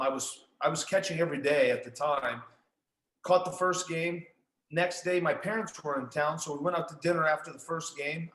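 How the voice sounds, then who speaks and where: A man, a former catcher, recounting a story in relaxed, casual talk. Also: on the high side. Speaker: former pro catcher guest. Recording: roomy echo.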